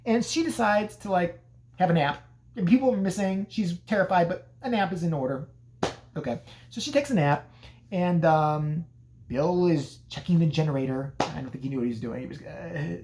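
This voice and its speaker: A man's voice: fairly high pitch, fairly quick, a little mellow, a little hiss or hum. A man casually recapping a horror movie in a profane, sarcastic way. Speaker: movie reviewer.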